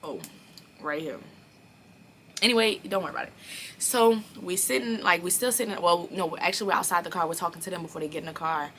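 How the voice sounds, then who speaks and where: Young new woman spilling a story to her viewers, low-ish voice but punchy and bright, cussing a lot. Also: fairly quick, slight background noise. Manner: animated, profane, talks straight to viewers. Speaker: vlogger. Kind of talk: casual storytime.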